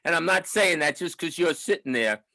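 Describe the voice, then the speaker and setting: A man's voice: on the high side, lively intonation, moderate pace, gravelly, sharp tone, dry recording, low-quality recording. A man, telling a rambling, nostalgic story to a book author at a talk. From New York, the Bronx. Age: 70s. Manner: rambling, nostalgic, with restarts and fillers. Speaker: audience member at a book talk. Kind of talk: casual storytelling.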